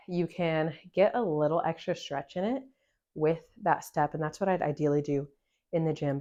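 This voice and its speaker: A woman leads a home workout for viewers to follow, breathing hard but staying encouraging as she talks through each exercise. She is a fitness coach with a low, slightly mellow voice.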